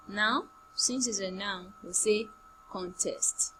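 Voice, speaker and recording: A woman teaching an online primary English class, repeating each word slowly and giving example sentences. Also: medium pitch, a bit bright, slight background noise, low-quality recording. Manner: slow, drilling words by repetition with example sentences.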